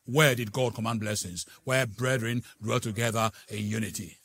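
A middle-aged male pastor preaching a sermon, swinging from soft, hushed asides to loud, dramatic exclamations. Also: lowish voice, steady tone, normal speed, vocal fry, hardly any pauses.

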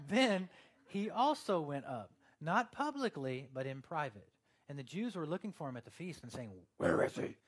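A man's voice: a little high, expressive, normal speed, slightly rough. A man preaching a sermon in a casual, conversational way, with lots of fillers and quoted asides. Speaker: pastor.

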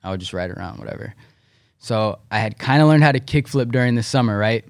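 A man's voice: medium pitch, animated, fast talker, no room sound, clean studio sound. A young man chatting casually in a laid-back, slangy way. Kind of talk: casual chat.

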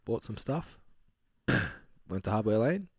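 Man, casual podcast banter, wry, swears, lowish voice, dead dry sound. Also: sing-song, slow pace, husky, dry recording. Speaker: podcast co-host. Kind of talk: casual chat.

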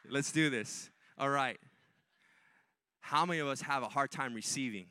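A man's voice: mid-range voice, moderate pace, long pauses, bright, forceful tone, dry recording, clean studio sound. A man preaching a sermon in a church, in a repetitive call-and-response way that rises to impassioned peaks. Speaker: pastor.

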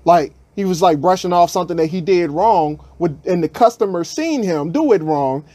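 A man's voice: high-pitched, moderate pace, dry recording. A man hosting a podcast, telling a story in a casual, slangy way and acting out what people said. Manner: animated, acts out quotes in raised voices, slangy. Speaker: podcast host.

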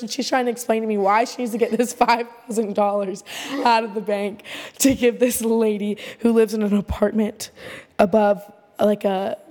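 A woman with a fairly high voice tells a wild story in casual podcast chat, laughing as she goes. She sounds lively and loose, and her voice rings out with a long reverb around it. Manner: animated storyteller, laughing often. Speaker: podcast co-host.

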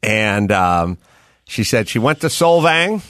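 Lively, deadpan middle-aged male host. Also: fairly low pitch, slow, no room sound, studio quality. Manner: rambling, deadpan, complaining anecdotes. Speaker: podcast host. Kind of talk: casual storytelling chat.

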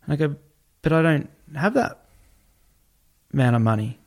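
A man, a podcast guest telling a story in a casual, animated way, often swearing and repeating himself. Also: on the high side, moderate pace. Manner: animated, repetitive, swears freely.

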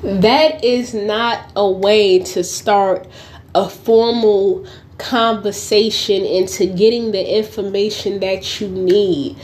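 A young woman hosting a podcast, telling a story in a blunt, profane, animated way and often laughing as she goes. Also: medium pitch, slow pace. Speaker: podcast host. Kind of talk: casual storytelling monologue.

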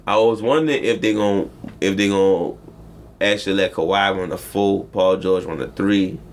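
A man's voice: low voice, moderate pace. Man, casual sports podcast co-host, joking, profane, faint background noise. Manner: joking, profane, slips into mock voices.

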